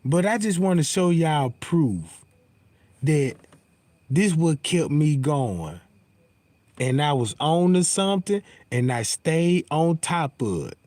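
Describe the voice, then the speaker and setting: A man's voice: on the high side, slow pace, no echo. A man hosting a casual livestream, rambling and profane, getting heated and constantly asking if listeners know what he's talking about. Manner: heated and animated. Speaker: livestream host.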